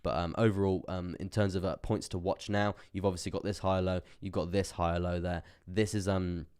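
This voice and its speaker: Low-voiced young man, chatty. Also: little pitch movement, a little fast, darkish tone, clean tone. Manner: chatty, laughs often, repeats words, reads chat aloud. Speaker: crypto livestream host. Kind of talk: casual live market commentary.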